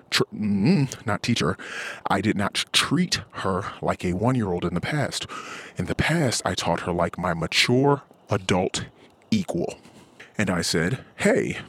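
A man in his thirties hosting a podcast, venting in a frustrated, profane monologue and mimicking others in a high voice. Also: breathy edge. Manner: frustrated, ranting, swears often. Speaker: podcast host.

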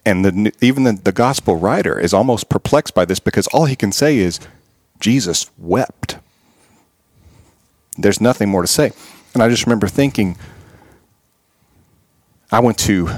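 A man's voice: low voice, no echo, clean studio sound. A man, a podcast guest and author, earnestly retelling scenes and reflecting on them in an interview. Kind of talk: storytelling in an interview.

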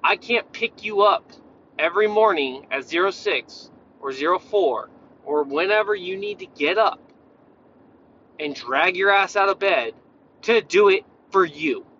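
A man with a high, bright, edgy voice rants as a fitness coach, blunt and swearing freely as he jumps between points. The sound is a little muffled and lo-fi. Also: animated, measured pace, a little hiss or hum. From Tennessee, USA. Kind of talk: profane casual rant.

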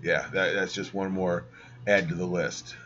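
A man's voice: low voice, level tone, a little slow, a bit bright. A man co-hosting a casual podcast, ranting heatedly and swearing a lot. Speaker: podcast co-host. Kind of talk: casual chat. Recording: dull lo-fi audio.

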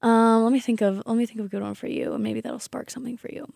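A woman's voice: on the high side, steady tone, quick pace, creaky, darkish tone, no echo, studio quality. A young woman co-hosting a casual podcast, chatty and giggly, with lots of "like" fillers. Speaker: podcast co-host. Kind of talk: casual chat.

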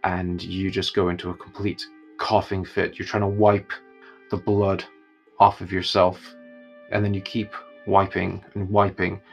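A man narrating a tabletop game as its game master, in a relaxed, chuckling way. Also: low voice, unhurried, vocal fry, soft background music.

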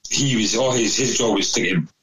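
A man's voice: on the low side, moderate pace, fairly bright tone, poor audio. A man telling a rambling anecdote over casual chat, swearing constantly. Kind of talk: casual storytelling.

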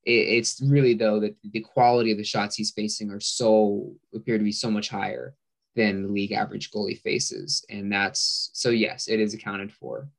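A man guest explaining stats in a measured, casual way, often restarting his sentences. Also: on the low side, little pitch movement, creaky.

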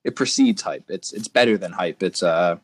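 A man's voice: deep voice, normal speed. A young man co-hosting a podcast, rambling through casual rants with frequent restarts. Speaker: podcast co-host. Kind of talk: casual chat.

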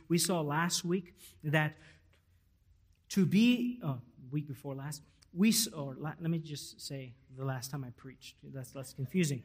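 A middle-aged man preaches a sermon at a very unhurried pace. His voice sits a little high for a man. He swells to loud, stressed words and then sinks nearly to a whisper. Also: husky. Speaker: pastor.

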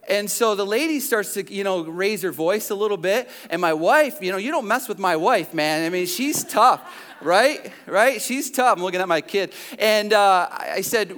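High-voiced male pastor telling a story. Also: a little fast, a bit bright. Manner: jokey storyteller who questions the congregation directly. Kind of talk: sermon with a personal story.

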